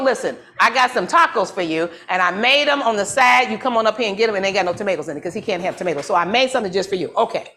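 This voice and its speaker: An excitable woman hosts a live cooking demonstration. She chats straight to her audience, repeats herself and keeps calling out to them. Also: mid-range voice. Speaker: church cooking demo host.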